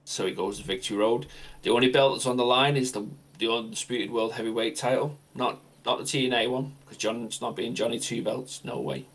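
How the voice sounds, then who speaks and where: A male podcast host spins a fantasy wrestling storyline, animated and improvising as he goes. His voice sits at a plain middle pitch. The delivery is loose and conversational. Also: a little fast.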